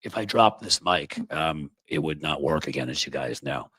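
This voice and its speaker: A man's voice: a bass voice, lively intonation, moderate pace, pushed and bright, husky, dry recording, voice pushed down, exaggerated voice. A man quoting a firm male TV news reporter who keeps pressing the question.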